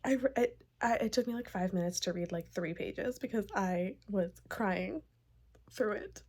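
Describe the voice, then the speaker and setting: A woman's voice: medium pitch, moderate pace, darkish tone, husky. A young woman book vlogger chatting casually, gushing and emotional, filling her talk with "like". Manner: gushing, emotional, lots of "like" fillers. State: tearful, crying happy tears. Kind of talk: casual vlog chat.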